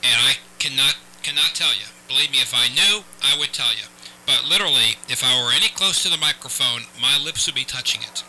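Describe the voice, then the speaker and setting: A man with a mid-range voice hosts a live call-in radio show, speaking fairly quickly and close to a studio mic, with background noise audible. He's earnest, repeats himself, and restarts often.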